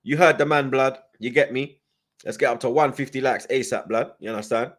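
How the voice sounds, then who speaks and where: A man's voice: mid-range voice, a little fast, fairly bright tone. A young man hosts a fan channel, chatting casually and reading viewer comments, with constant slang and "you get me" tags. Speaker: football fan channel host.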